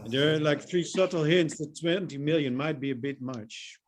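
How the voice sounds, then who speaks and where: A man's voice: a little high, moderate pace, faint music behind. A man from the Netherlands with a Dutch accent doing a stand-up set over a video call, joking and laughing at his own lines. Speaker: stand-up comic.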